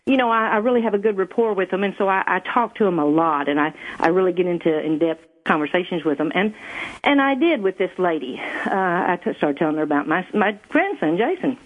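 Older woman, earnest storytelling, husky voice, tinny phone line. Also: fairly low pitch, animated, brisk. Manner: earnest, emotional, repeats herself. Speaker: caller. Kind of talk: telling a personal story. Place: calling in by phone.

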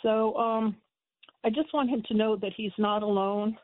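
A woman calls in to a radio show, speaking softly and with heartfelt feeling. Her words come haltingly, filled with small pauses. The sound is thin and tinny, as if over a phone line. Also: medium pitch, steady tone, no room sound. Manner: heartfelt, soft, many "um"s. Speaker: caller. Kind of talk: call-in radio. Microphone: telephone.

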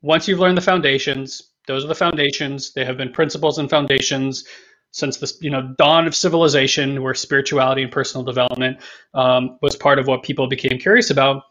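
A man's voice: medium pitch, flat delivery, fairly quick, fairly bright tone. A man co-hosting a podcast in casual talk, rambling, repeating himself and joking around. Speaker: podcast co-host. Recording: dull lo-fi sound.

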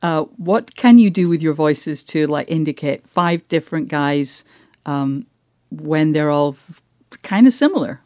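A woman interviewing a guest, curious and given to long winding questions. Her voice is somewhat low and mellow, heard dry and close. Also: expressive, measured pace, dry recording. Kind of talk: interview conversation.

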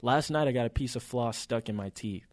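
A man's voice: medium pitch, brisk, no room sound. A man co-hosting a podcast, telling a story in casual chat with plenty of slang and swearing. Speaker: podcast co-host.

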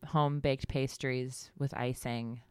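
A young adult woman co-hosting a comedy podcast, jokey and playful, often jumping up in pitch. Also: steady tone, slow pace, a little mellow, clean tone, no room sound. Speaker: podcast co-host. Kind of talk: casual comedy chat.

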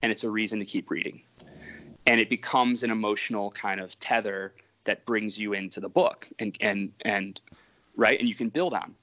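A man's voice: lowish voice, steady tone, moderate pace, a bit bright. A comic book writer, a man, telling stories in a casual interview and rambling and interrupting himself as he talks.

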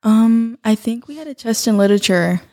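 A woman's voice: on the high side, lively intonation, brisk, a little mellow. A teenage girl from California, a shy guest co-host on a podcast, answering hesitantly in casual chat. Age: teens. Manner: shy, hesitant, short replies.

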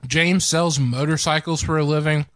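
A man's voice: on the high side, fairly even intonation, normal speed, dry recording. A man in his twenties, the show's producer, bantering defensively and sarcastically on air. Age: 20s. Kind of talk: casual radio show banter.

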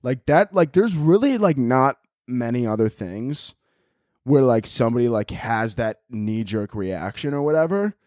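A man's voice: medium pitch, animated, a little slow, darkish tone, no echo, studio quality. A man hosting a podcast, ranting casually, swearing often and laughing at his own jokes. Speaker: podcast host. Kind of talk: casual comedic rant.

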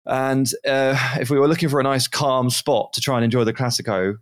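A man's voice: medium pitch, fairly quick. Man telling a travel story casually. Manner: animated, rambling. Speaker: podcast co-host.

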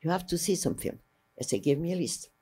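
A warm, fairly low, slightly rough voice belongs to an older woman talking a bit fast. She's a filmmaker, French by first language, recounting memories in an interview; she rambles with energy, restarts mid-phrase and plays out other people's lines.

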